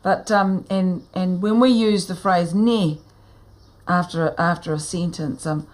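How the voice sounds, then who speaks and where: Kiwi woman interviewee, lowish voice, chatty, acts out phrases. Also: steady tone, measured pace, a little mellow. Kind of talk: casual interview talk.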